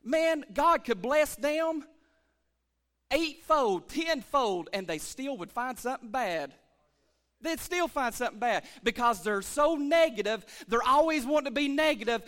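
In a church sanctuary, a male pastor delivers a lively sermon, calling out for amens and swinging between shouting and quiet asides. His voice is very high-pitched and a little slow.

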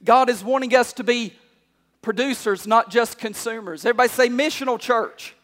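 A male pastor preaching a sermon, calling out to the congregation and climbing to shouts. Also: extremely high pitch, normal speed. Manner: call-and-response preaching, rising to shouts. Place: church hall. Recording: long hall reverb.

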